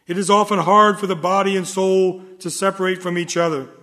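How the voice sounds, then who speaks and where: A man delivering a solemn sermon in a measured, earnest manner. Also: sits high, little pitch movement, bright, forceful tone. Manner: solemn, measured, rises in fervor. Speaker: preacher. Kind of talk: sermon reading. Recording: long hall reverb.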